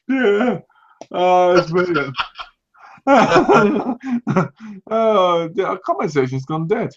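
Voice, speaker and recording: A male co-host chatting casually on a livestream, rambling through his points, restarting sentences and laughing a lot. His voice sits a bit high, and the audio is dull and lo-fi. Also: big pitch swings, extremely slow.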